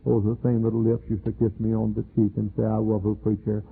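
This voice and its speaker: An older man preaching a sermon as pastor, telling folksy stories and jumping high in pitch when he acts out other people's words, on an old archival tape. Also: monotone, fast talker, gravelly, slightly rough, phone-quality sound. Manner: folksy storytelling preacher, acts out quoted voices with sudden high pitch jumps.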